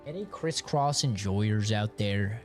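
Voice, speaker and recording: A man's voice: lowish voice, animated, slow, faint music behind. Jokey man streaming a game. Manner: jokey, playful, swearing. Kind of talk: live gameplay commentary.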